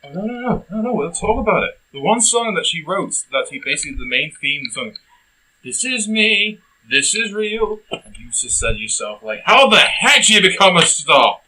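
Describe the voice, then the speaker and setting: A young man co-hosting a casual comedic film review, ranting and bursting into shouts. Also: on the high side, sing-song, fairly quick, few pauses, slightly rough, low-quality recording.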